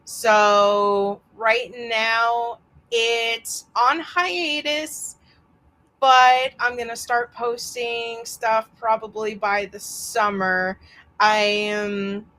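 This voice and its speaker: Woman, podcast guest, photographer, slow relaxed pace, higher voice, casual chat. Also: low-quality recording.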